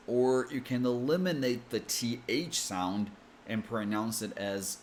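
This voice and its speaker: A man with an American accent teaches English pronunciation with slow, deliberate explanations. His voice sits fairly low, and faint background noise runs underneath. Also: expressive. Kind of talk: explanatory lesson.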